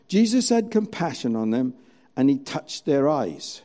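A man's voice: a little high, big pitch swings, moderate pace, pauses often, warm tone. A man preaching a sermon, telling a story and acting out its scenes dramatically.

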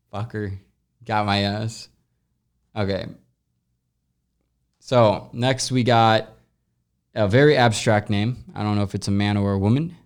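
A man's voice: fairly low pitch, smooth. A young man hosting a casual solo podcast, reading listener questions and giving blunt, rambling advice with plenty of swearing, recorded at home. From United States. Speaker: podcast host. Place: home room with echo, sound pads set up. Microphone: camera recording, speaker moves off-mic at times.

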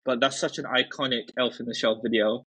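Husky-voiced man chatting. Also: medium pitch, brisk, dry recording, rough recording. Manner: animated storyteller, frequent fillers and restarts. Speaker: podcast guest. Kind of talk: casual chat.

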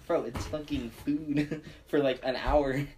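A man's voice: on the high side, fairly even intonation, slow pace, a little mellow, a little hiss or hum. A young man in casual chat, laughing often and swearing while he retells a story. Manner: laughing, swearing, mock show sign-off.

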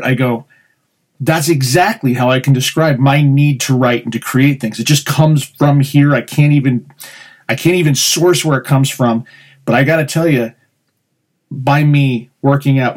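Reflective man in conversation. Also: medium pitch. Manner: reflective, thoughtful, with fillers. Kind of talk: casual chat.

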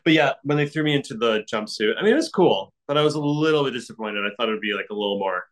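A man's voice: mid-range voice, animated, racing, low-quality recording. A man, an actor being interviewed, talking casually and rambling with many fillers and frequent laughs. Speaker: actor guest.

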